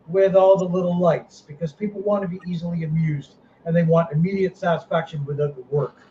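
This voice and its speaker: A middle-aged man hosting a casual podcast chat, running a paranormal team, ranting with animated energy and swearing freely. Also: on the high side, fairly quick. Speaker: paranormal team director, host. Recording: slightly dull sound, faint noise.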